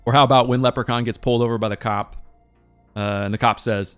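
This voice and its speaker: Animated, rambling man reviewing a movie. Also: medium pitch, quick pace, clear, resonant tone, soft background music. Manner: animated and rambling, with laughing asides.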